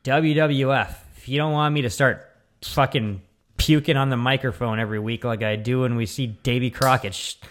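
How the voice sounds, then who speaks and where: A man's voice: mid-range voice, steady tone, moderate pace, a little hiss or hum. A man co-hosting a casual podcast, ranting with lots of swearing. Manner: profane, ranting. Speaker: podcast co-host. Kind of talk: casual chat.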